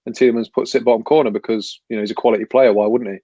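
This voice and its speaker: A man's voice: on the low side, steady tone, rapid-fire, dark tone, breathy edge, no echo. Frustrated male football fan, muffled sound. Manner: frustrated, rambling, with restarts. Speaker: fan panelist. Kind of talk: casual fan panel chat.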